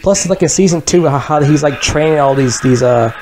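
A man's voice: on the high side, fairly quick, a little mellow, slight background noise. A man ranting in a casual vlog, heated and frustrated, swearing a lot and leaning on filler words. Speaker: vlogger. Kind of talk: casual rant about a TV show.

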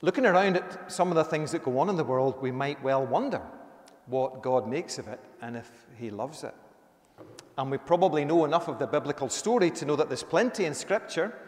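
A man's voice: a little high, lively intonation, fairly quick. A man, a minister giving a conversational sermon with emphatic rises. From Northern Ireland. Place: church. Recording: echoey church hall.

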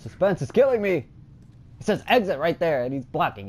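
A man giving let's play commentary, swinging between nervous muttering and loud excited shouting, and swearing a lot. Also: on the high side, fairly quick, very noisy. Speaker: gaming streamer.

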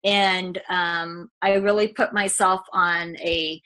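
Woman agent, bright forceful voice, talks candidly and rambles a bit; good for a client testimonial read. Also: on the low side, level tone, slow. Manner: candid, rambling, with many fillers. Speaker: real estate agent. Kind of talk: testimonial interview.

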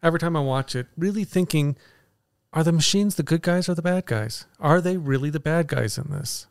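Male podcast co-host, fairly high and smooth voice, dry close mic, speculative and questioning in casual film chat. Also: fairly quick, no room sound. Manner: animated, speculative, poses questions. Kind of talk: casual movie review chat.

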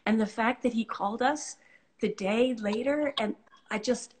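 A woman's voice: a little high, measured pace, a little mellow. A woman hosting an interview, telling stories in an earnest, appreciative way, often restarting her sentences. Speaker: host, charity leader. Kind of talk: conversational interview.

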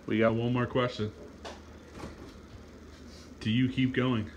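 A man hosting a hot sauce challenge among friends, teasing and excitable in casual banter. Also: medium pitch, slow, highs cut off. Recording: echoey room with faint noise.

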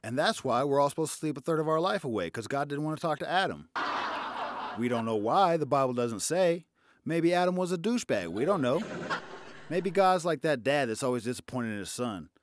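A man's voice: on the high side, animated, a little fast, background noise. Sarcastic, profane male comedian. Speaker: stand-up comedian. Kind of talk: stand-up comedy routine.

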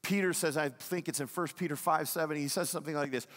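A man's voice: on the high side, quick pace, fairly bright tone, in a large hall. A male pastor delivering a sermon, emphatic, asking the congregation questions and repeating key lines. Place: church sanctuary.

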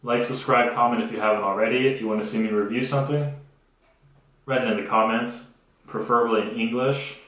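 A man's voice: medium pitch, steady tone, fairly quick, fairly bright tone, very echoey, poor audio. A young man hosting his own podcast from a homemade studio, telling stories in a blunt, profane, sarcastic way. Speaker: podcast host. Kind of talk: casual comedic podcast monologue.

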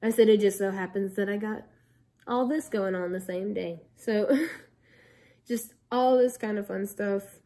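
A young woman tells a long personal story straight to her audience. She talks in a loose, rambling way, full of fillers and restarts. Her voice is warm and mellow, sitting in a middle pitch. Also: unhurried. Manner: rambling, chatty, with many likes and ums. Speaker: vlogger. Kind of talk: casual storytelling to camera.

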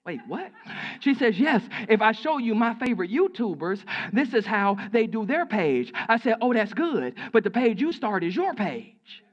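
Man pastor, high voice, sermon, folksy storytelling, repeats himself, slightly muffled recording. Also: big pitch swings, moderate pace. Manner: preaching with folksy storytelling and repetition.

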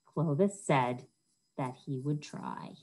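A woman's voice: deep voice, takes it slowly, low-quality recording. A woman reading a picture book aloud to children at a library storytime, often asking her listeners questions. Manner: animated, asks the listeners questions.

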